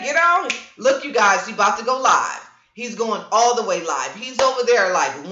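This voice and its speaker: A middle-aged woman hosting a casual livestream, telling stories with lots of voices and answering viewer comments. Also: mid-range voice. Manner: animated storyteller, reads viewer comments aloud. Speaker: livestream host. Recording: roomy, dull lo-fi stream audio.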